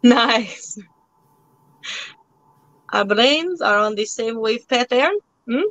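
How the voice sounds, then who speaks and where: A woman's voice: fairly high pitch, lively intonation, extremely slow, fairly bright tone, a little hiss or hum, rough recording. A woman hosting a casual live-stream auction, chatting loosely with lots of filler words as she shows items.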